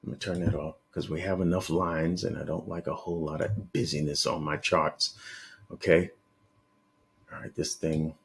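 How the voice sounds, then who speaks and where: Low-voiced man muttering through chart analysis. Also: normal speed. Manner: thinks aloud, self-correcting, muttering to himself. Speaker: forex trader analyzing charts. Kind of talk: live screen-share market analysis.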